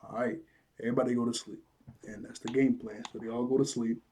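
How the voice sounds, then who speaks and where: A man talks through an episode he watched in a relaxed, rambling way, laughing easily along the way. His delivery is loose and conversational, full of fillers. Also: mid-range voice, fast, slight background noise. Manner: loose, chatty, laughs often, lots of "like". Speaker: show reviewer. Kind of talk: casual episode recap.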